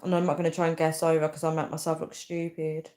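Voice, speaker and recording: A young woman hosting a casual live stream, reading viewer comments aloud and thinking out loud with many fillers. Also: low voice, completely flat delivery, quick pace. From United Kingdom. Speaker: livestream host.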